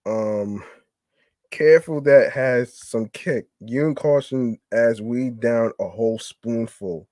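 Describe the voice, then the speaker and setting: A man's voice: medium pitch, slow, a little mellow, dry recording. A man hosting a podcast, reading a news story aloud and reacting in disbelief, with stumbling restarts and repeated words. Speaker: podcast host.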